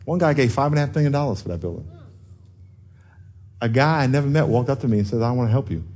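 A man preaching a sermon as pastor, moving from quiet talk up to loud yelling, with laughs between lines. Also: mid-range voice, expressive, fast.

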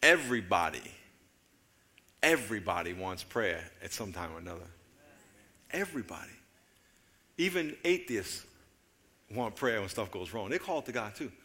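A man preaching a sermon, telling stories with acted-out voices and jokes, moving between loud excited calls and quiet low asides. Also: normal speed, long pauses. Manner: animated storytelling, acting out voices and jokes. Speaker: pastor.

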